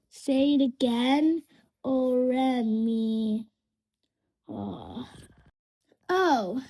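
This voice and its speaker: A cheerful voice teaching a children's language lesson, talking straight to young learners in slow, carefully spaced phrases for them to repeat. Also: high-pitched, very animated, darkish tone.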